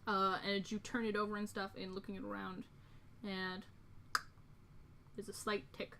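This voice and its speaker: A woman's voice: mid-range voice, level tone, moderate pace, pushed and bright, slight background noise. A woman narrating a tabletop game as dungeon master in a chatty way with many fillers.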